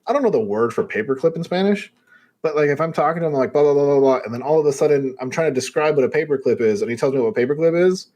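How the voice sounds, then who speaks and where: A young man co-hosting a gaming podcast, chatting casually and telling animated stories with casual swearing. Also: on the high side, rapid-fire. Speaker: podcast co-host. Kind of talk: casual chat.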